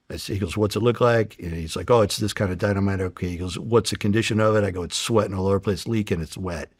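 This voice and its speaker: A middle-aged American man who once worked as an undercover agent tells stories in a relaxed interview, cursing freely and acting out the dialogue with animation. His voice sits on the low side, captured in studio quality with no room sound.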